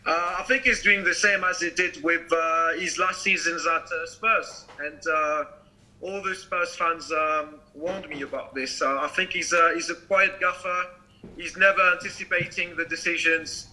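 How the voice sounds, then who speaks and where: A man with a French accent, a guest football fan on a live stream, talking in a halting way as he searches for words. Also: fairly high pitch, steady tone, pushed and bright, low-quality recording. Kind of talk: casual chat on a live stream.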